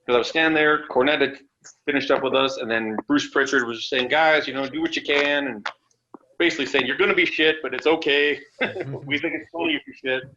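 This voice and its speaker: A man from Canada, a wrestler guest on a podcast interview, telling stories in a casual, animated way, swearing freely and acting out what others said. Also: medium pitch, a little fast. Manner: animated, swearing, acts out quotes. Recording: dull lo-fi audio with faint noise.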